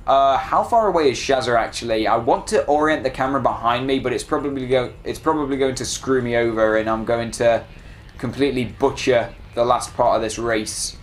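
A man giving casual, excitable commentary while playing a video game and talking back to it. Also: mid-range voice, a little fast, slight background noise. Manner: chatty, excitable, self-deprecating, talks to the game. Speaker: let's play gamer.

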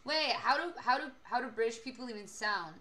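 A young woman chatting over a game stream with a bright, somewhat high voice. She teases her friend and swears freely in loose, joking talk. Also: expressive, a little fast. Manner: playful, teasing, swears a lot. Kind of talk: casual gaming stream chat.

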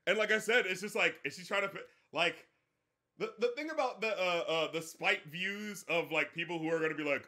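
Animated high-pitched male ranting critic. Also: brisk. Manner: animated, slangy, profane, mocks others in quoted voices. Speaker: music critic and streamer. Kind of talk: casual ranting commentary from a livestream.

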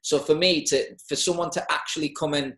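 Man in his forties, Teesside accent, halting and emotional, echoey room. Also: on the high side, fairly even intonation, a bit bright. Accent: Teesside English. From North East England. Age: 40s. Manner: halting and emotional, with many restarts. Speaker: interview guest. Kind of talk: personal storytelling in an interview.

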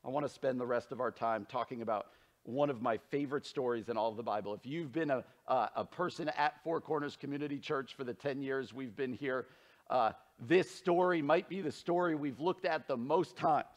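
A man preaching a sermon as pastor, earnest and emphatic, dropping low and soft when he turns to scripture. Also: a little fast.

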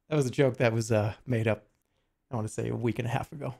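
A man's voice: medium pitch, fairly even intonation, fast talker, vocal fry, a little mellow. A man streaming casually, joking and swearing freely, arguing with his chat and muttering while he works on a jigsaw puzzle.

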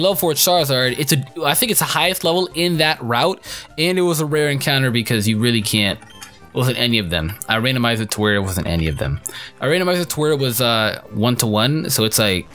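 A young man commenting on his own game playthrough, excitable, crude and joking. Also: mid-range voice. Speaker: gaming YouTuber. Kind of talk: let's play commentary.

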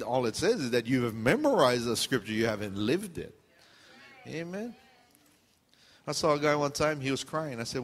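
A man's voice: medium pitch, big-room sound. A man preaching a sermon as pastor, casual and joking, acting out what his listeners are thinking. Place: church sanctuary.

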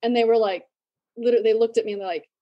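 A woman in her forties hosts a casual podcast chat, her voice sitting a little higher than most. She tells stories with energy, throwing in quick asides and laughing often. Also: steady tone, muffled recording. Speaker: podcast host.

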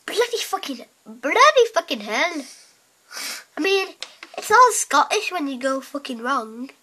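A woman's voice: high-pitched, very animated, a little slow, bright, forceful tone, poor audio. A woman chatting casually while playing a game, giggly and teasing, rambling on. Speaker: gamer.

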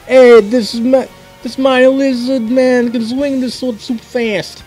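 A man putting on a boastful lizard swordsman voice with a silly accent, loud and slow. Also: very high voice, little pitch movement, husky, soft background music, pitched above the performer's own voice, heavily acted, rough recording.

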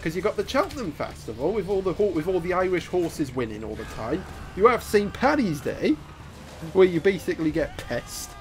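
Brief: male gamer, animated and jokey, taunts opponents, voice on the higher side. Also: normal speed, slight background noise. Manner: excitable, laughing, taunting opponents. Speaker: gaming YouTuber. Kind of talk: live gameplay commentary.

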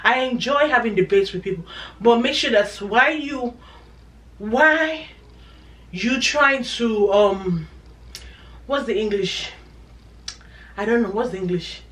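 A woman's voice: fairly high pitch, measured pace, pauses often, fairly bright tone. A woman vlogger chatting to her viewers in an emphatic, repetitive, conversational way. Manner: chatty, emphatic, repeats herself. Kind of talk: casual chat to camera. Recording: echoey room, voice from a distance.

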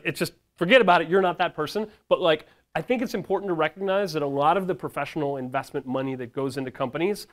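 Guy giving a talk to startup founders, kinda high voice, tells stories loose and lively, lots of ums. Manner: lively storytelling, acts out quoted people, frequent ums and swearing. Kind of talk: storytelling conference talk.

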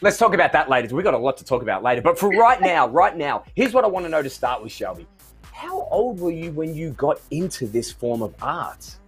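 Man, show host, bouncy lively pitch, husky edge, jokey and theatrical, faint music. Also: a little fast. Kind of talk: upbeat show hosting.

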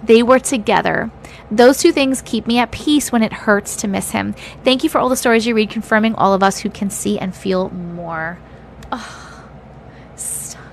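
A woman with a medium-pitched, creaky voice hosts a livestream over slight background noise. She reads viewers' stories aloud with feeling, stops to react, and teases her chat bluntly.

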